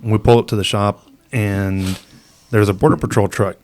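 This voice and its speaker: Low-voiced man telling a rambling story. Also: fairly even intonation, normal speed, a little mellow. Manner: laid-back, rambling, acts out quoted voices. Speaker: podcast co-host. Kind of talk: casual storytelling chat.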